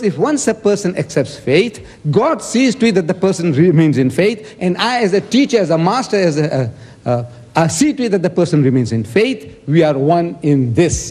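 A man's voice: fairly high pitch, darkish tone, long reverb tail. A man giving an emphatic debate speech, quoting scripture and asking rhetorical questions.

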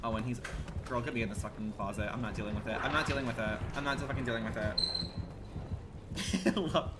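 A man livestreaming a game in campy, slangy commentary that swings between loud outbursts and low mutters. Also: steady tone, fast, heavy background noise. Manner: campy and dramatic, full of slang. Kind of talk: live gameplay commentary. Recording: loud game music under the voice.

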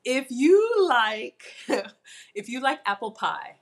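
A woman's voice: a little high, big pitch swings, slow. A middle-aged woman hosting a live cooking stream, chatting casually with viewers and a guest and laughing often.

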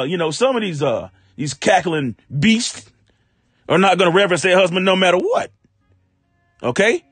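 A man preaching a live-streamed sermon, reading scripture slowly and breaking into animated, casual commentary with sudden exclamations. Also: high voice, husky, no room sound. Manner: reads verses slowly, then comments in casual speech.

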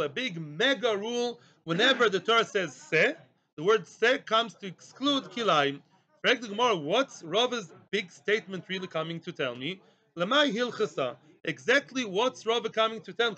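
A man teaching a daily Talmud class in mixed with Hebrew and Aramaic terms, with a lively, joking way of explaining. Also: high voice, lo-fi sound.

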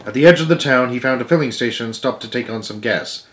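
A man reading a children's book aloud as storyteller, gentle, with small slips and self-corrections. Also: mid-range voice, quick pace.

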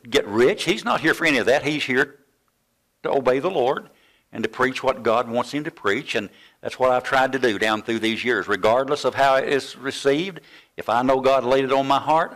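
Older male pastor, sermon delivery, lively storyteller, medium voice. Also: medium pitch. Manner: animated storytelling, acts out quoted voices.

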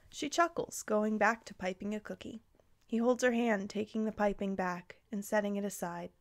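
A woman reading a fan fiction story aloud in a gentle, even storytelling voice. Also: mid-range voice, moderate pace.

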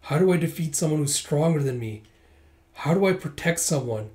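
A man's voice: on the high side, animated, normal speed, darkish tone, lightly acted. A man reading a manga aloud and voicing a determined young woman with a sword. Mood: resolute. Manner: earnest, resolute.

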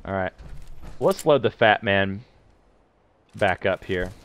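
A man's voice: sits low, lively intonation, slow pace. A man casually commenting while he streams a game, chatting playfully and answering his viewers. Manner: chatty, playful, reading chat aloud. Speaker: gameplay streamer.

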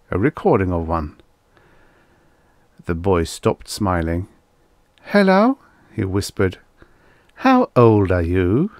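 A man reading a vintage science fiction story aloud in measured storyteller fashion. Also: low voice, creaky, no echo. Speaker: audiobook narrator.

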